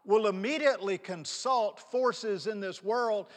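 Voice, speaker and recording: A man's voice: sits high, unhurried, big-room sound. Emphatic man in his fifties preaching. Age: 50s. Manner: emphatic, repeats words for stress. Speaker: pastor. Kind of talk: sermon.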